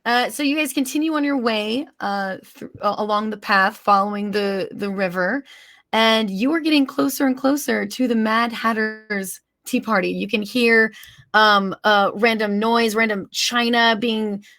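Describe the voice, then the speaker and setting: A woman's voice: a little high, a little slow, a bit bright. A woman game master narrating a tabletop game, rambling and searching for words as she goes.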